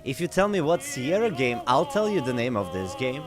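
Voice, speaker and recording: A man's voice: mid-range voice, big pitch swings, brisk. A man giving casual let's-play commentary, chatty and easily amused. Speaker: game streamer. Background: faint game music.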